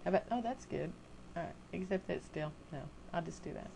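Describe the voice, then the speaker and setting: An older woman video blogger rants into a webcam at home, chatty, exasperated, and making fun of herself. She has a lowish, gravelly voice, talks a little fast, and the background is noisy.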